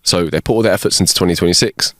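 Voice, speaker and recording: Jokey low-voiced man co-hosting a podcast. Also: rapid-fire, a bit bright, no echo, studio quality. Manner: jokey, laughs often, restarts sentences. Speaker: podcast co-host. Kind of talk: casual chat.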